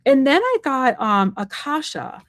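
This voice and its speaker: A woman's voice: high voice, big pitch swings, unhurried, a bit bright, dry recording, studio quality. A woman in her thirties from Kansas, hosting a casual tarot livestream, chatty and rambling with lots of fillers and asides.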